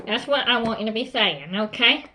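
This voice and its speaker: A woman voicing a strict but calm female school principal in a hobby role-play skit, firm and instructive, tagging her points with "okay?". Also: on the high side, moderate pace, slight background noise. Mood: instructing.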